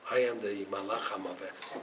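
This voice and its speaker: Man voicing a hushed, grave angel of death. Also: a little high, sing-song, moderate pace, a little hiss or hum, rough recording. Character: solemn male angel of death, calm, unbending.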